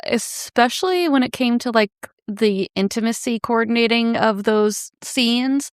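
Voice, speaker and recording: A woman's voice: on the high side, unhurried, clean tone, dry recording, studio quality. A woman co-hosting a podcast in casual chat, wry and amused, laughing often. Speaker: podcast co-host.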